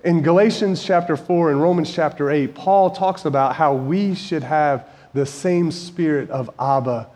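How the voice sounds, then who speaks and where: A preacher and high school Bible teacher in his forties speaks in a somewhat mellow, fairly high voice, unhurried and with few pauses. His sermon is conversational, earnest and full of stories, rising to emphatic moments, all echoing with a large hall's long reverb.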